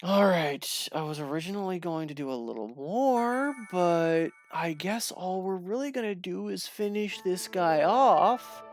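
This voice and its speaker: An exasperated gamer talking through a stubborn battle in a slow, drawn-out way. The commentary keeps tipping into frustrated laughter. Quiet game music plays faintly behind the voice. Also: mid-range voice, lively intonation, no room sound. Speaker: let's play host.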